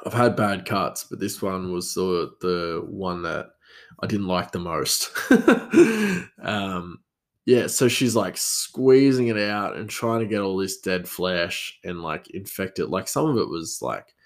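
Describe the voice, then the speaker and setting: A man with a slightly low voice tells a story from his own life. He rambles along casually, circling back with fillers and restarts. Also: expressive, takes it slowly.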